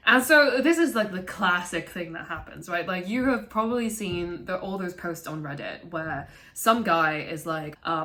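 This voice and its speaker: A woman talking through a film in a casual, animated way, swearing freely and laughing as she goes. Her voice sits fairly low but sounds bright and forceful. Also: normal speed, hardly any pauses. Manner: animated, profane, laughs often. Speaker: vlogger reviewing a film.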